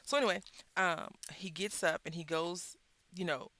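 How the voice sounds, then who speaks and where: A woman hosting a crafting video, telling a story in a chatty, animated way with wry asides while she works at her craft table. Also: fairly low pitch, normal speed, no room sound. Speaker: craft channel host.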